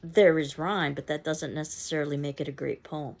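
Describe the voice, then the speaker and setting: A woman teacher with a low-pitched, steady, darkish voice speaks a little fast. She isn't from the local area and gives a recorded poetry lecture, explaining conversationally and reading the poem aloud in stressed beats.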